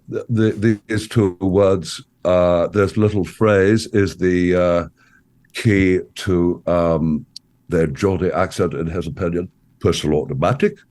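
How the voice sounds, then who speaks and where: Bumbling earnest businessman, middle-aged, hesitant rambler full of restarts, low voice, played by a man. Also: mellow. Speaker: interview guest. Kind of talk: comedic improvised interview.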